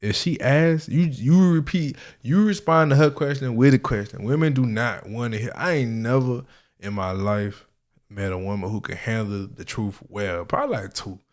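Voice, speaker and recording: A man's voice: medium pitch, normal speed. Guy riffing on reaction vid, cussing a lot, loose slangy chat, middle-range voice. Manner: loose, profane, animated slang-heavy storytelling. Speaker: reaction video host. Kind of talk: casual reaction commentary.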